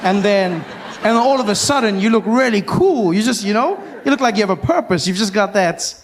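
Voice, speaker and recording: A man from South Africa with a South African accent, performing stand-up comedy with animated storytelling that slips into character voices. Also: high-pitched, fairly quick, a little hiss or hum. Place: live comedy venue with audience.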